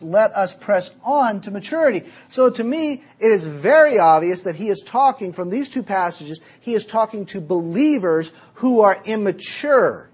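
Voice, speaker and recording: A man with a Southern American accent preaching a sermon, emphatic and deliberate, slowing to stress key words. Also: high-pitched, husky. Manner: emphatic, drawn-out delivery, dropping to quiet storytelling.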